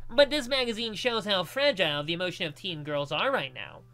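A man's voice: high voice, bright, forceful tone. A man voicing a cheerful, chatty young woman who works as a school nurse, with a bubbly, girlish lilt.

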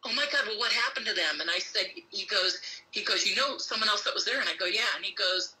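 Bright-voiced woman retelling a story. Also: mid-range voice, fast talker, rough recording. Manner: animated retelling, acting out both sides of a dialogue. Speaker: guest. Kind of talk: storytelling interview.

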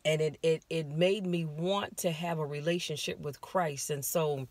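A woman's voice: low-pitched, a little slow, no room sound. An American woman, a life coach, animatedly telling her listeners a personal story from inside her car. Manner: animated, confiding, talks straight to listeners.

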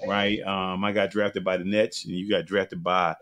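A man's voice: deep voice, little pitch movement, moderate pace, a bit bright. A man in his sixties with an American accent hosting a podcast, chatting casually and laughing often as he tells stories. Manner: laughs a lot, acts out quoted voices while telling stories. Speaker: podcast host. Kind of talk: casual chat.

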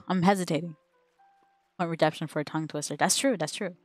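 A woman's voice: fairly low pitch, quick pace, no room sound, soft background music. A woman game streamer chatting casually on a live stream, giggling as she stumbles over a tongue twister. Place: home streaming setup.

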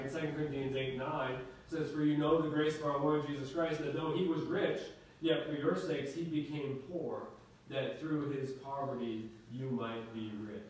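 A man preaching a sermon to his congregation, conversational and warm in delivery, often restarting his phrases. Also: medium pitch, a little hiss or hum. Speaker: pastor. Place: church sanctuary. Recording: echoey hall from far off.

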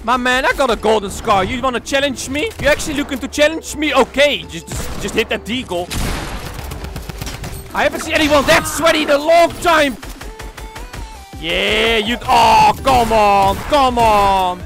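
Young man, gaming commentary, excitable, trash-talking, very high voice. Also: normal speed. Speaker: gaming streamer. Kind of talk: gameplay commentary. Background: game music.

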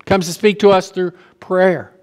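Folksy pastor in a reverberant sanctuary. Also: male voice, high voice, steady tone, unhurried, a little mellow, clean tone. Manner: conversational, folksy, with asides to the congregation. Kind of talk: sermon. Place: church sanctuary.

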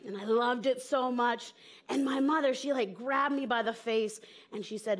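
A woman's voice: on the high side, moderate pace. A woman comedian from the southern United States, telling playful stories on stage before a live audience. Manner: playful, storytelling with jokes. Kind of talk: stand-up talk on stage.

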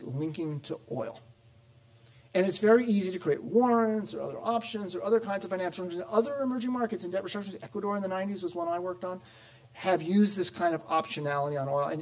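A man's voice: fairly high pitch, a little mellow. A man giving a policy talk at a conference, explaining at length with frequent fillers and restarts. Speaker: panel speaker on sovereign debt. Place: conference or lecture setting.

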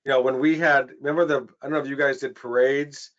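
A chatty man hosting a panel webinar over a video call, rambling a little and restarting his sentences. His voice is at a middle pitch and the audio sounds dull and lo-fi. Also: fairly even intonation, quick pace, fairly bright tone. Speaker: webinar host. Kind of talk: casual webinar panel chat.

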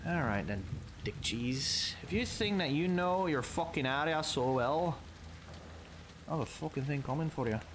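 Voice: mid-range voice, animated, normal speed, background noise. A gamer giving casual, playful commentary during a let's play, swearing a lot and taunting the enemies on screen. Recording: game sounds behind voice.

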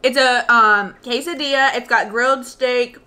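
A woman's voice: on the high side, fairly even intonation, moderate pace, heavy background noise. A woman co-hosting an eating show, chatting in an easygoing, giggly way between bites. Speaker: mukbang co-host. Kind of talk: casual chat while eating.

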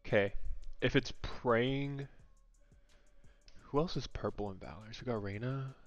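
A young man casually vlogging a daily guessing game, thinking aloud, excitable and swearing freely. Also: mid-range voice, unhurried, no echo, faint music behind. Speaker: gaming content creator. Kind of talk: casual gaming vlog commentary. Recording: dry, slightly muffled home mic.

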